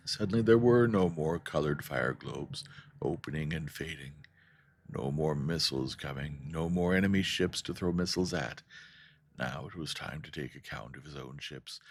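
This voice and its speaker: A man reading a science fiction novel aloud as a calm, steady audiobook narrator. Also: a bass voice, vocal fry, dry recording.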